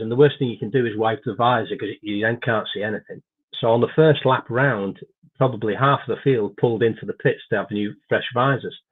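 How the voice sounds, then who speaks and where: A middle-aged man, a former racer, telling animated anecdotes in casual conversation, restarting his sentences often. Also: medium pitch, slightly rough. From Britain. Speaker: podcast guest, former racer. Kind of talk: casual storytelling. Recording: tinny phone-like line.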